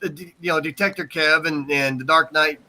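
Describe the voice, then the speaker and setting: An American man chatting casually on a live stream, halting and often restarting his sentences. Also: a little high, fairly even intonation, sharp tone. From United States. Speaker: chat guest.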